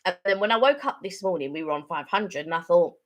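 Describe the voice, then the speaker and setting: A woman's voice: on the low side, animated, quick pace. A middle-aged woman co-hosting a casual live-stream chat, rambling and chatty, laughing easily. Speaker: channel co-host.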